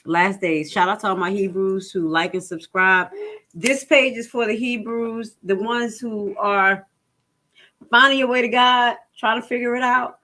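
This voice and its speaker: A woman's voice: mid-range voice, steady tone, measured pace, pushed and bright. A woman hosting her own channel, talking animatedly and emphatically straight to her viewers, drifting into tangents and stumbling a little as she reads documents aloud. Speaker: channel host. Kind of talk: casual livestream commentary.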